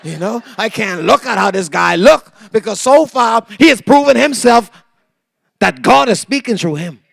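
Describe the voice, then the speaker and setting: High-voiced pastor telling a story. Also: male voice, normal speed, gravelly, dry recording, studio quality. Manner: animated, acts out quoted voices, swings from hushed to loud. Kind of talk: sermon storytelling.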